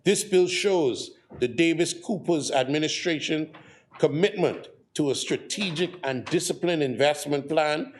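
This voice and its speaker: A man with a Bahamian accent giving a formal parliamentary speech, measured and methodical as he lists points. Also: on the high side. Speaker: member of parliament.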